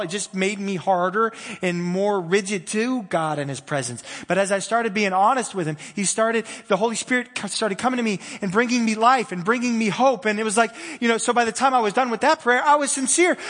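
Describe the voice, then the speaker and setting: A man preaching a sermon in a conversational way, moving between loud, fervent passages and soft, hushed ones. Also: high-pitched, long reverb tail. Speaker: pastor.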